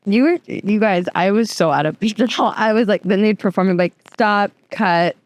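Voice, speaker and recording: A woman guest on a podcast, telling a story in a chatty, animated way with lots of filler words. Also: medium pitch, a little fast, dry recording. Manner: chatty, animated, fills speech with "like". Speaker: podcast guest, youth program co-founder. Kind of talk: casual interview storytelling.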